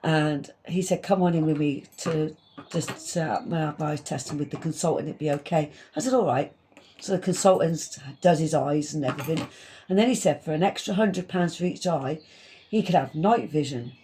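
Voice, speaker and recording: A woman's voice: sits low, normal speed, warm tone, a little hiss or hum. A woman telling funny stories in casual chat, often laughing as she talks. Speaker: podcast co-host.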